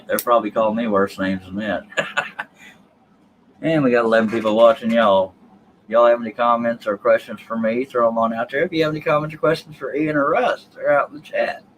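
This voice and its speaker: A man's voice: mid-range voice, fairly even intonation, fairly quick, slight background noise, low-quality recording. A man hosting a live stream, chatting casually and joking with viewers in a folksy way. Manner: folksy, jokey, addresses chat viewers.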